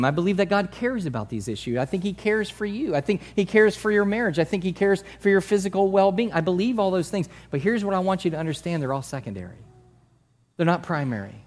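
Conversational preacher, fairly high voice. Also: male voice. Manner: conversational, acts out congregants' voices, swings from soft to loud. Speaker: pastor. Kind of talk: sermon.

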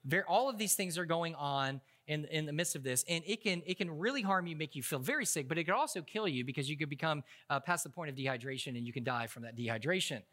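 A male pastor delivers a sermon with a high-pitched voice and a bright, forceful tone. His talk is conversational and full of jokes, and he often stumbles and restarts mid-sentence as he tells stories. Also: animated, fast talker, hardly any pauses. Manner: humorous, conversational storytelling with frequent restarts.

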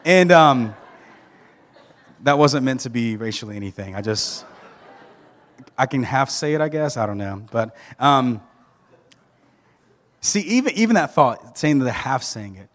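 Guy preaching, joking around, trips over his words a lot, mid pitch, long echo in a big church. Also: measured pace, long pauses. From Southern United States. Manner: animated, joking storyteller with frequent restarts. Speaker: pastor. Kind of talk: sermon. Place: church sanctuary.

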